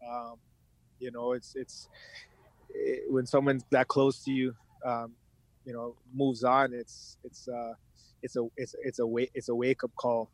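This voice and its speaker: A man talks candidly as a guest on a podcast, slowly finding his words and often restarting. His voice sits at an ordinary pitch. The recording is dry, with no room echo. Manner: reflective, halting, many restarts, animated when imitating his father. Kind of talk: candid conversational interview.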